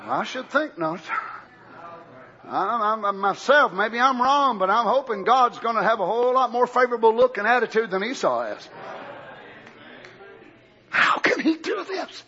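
A man preaching a sermon, swinging from low murmurs to loud shouted lines. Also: big pitch swings, moderate pace, long pauses, dull audio.

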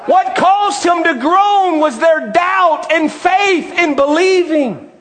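High-voiced man preaching an impassioned sermon. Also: expressive. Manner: impassioned preaching, often shouting, drawn-out emphasis.

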